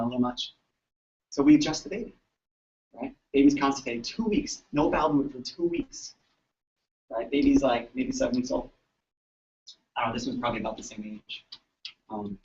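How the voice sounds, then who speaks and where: Animated storytelling man, distant lo-fi mic. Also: a little high. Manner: animated storytelling, acts out voices. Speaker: chiropractor. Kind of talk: storytelling talk to a live audience. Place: event floor at a convention. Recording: distant mic, dull lo-fi sound.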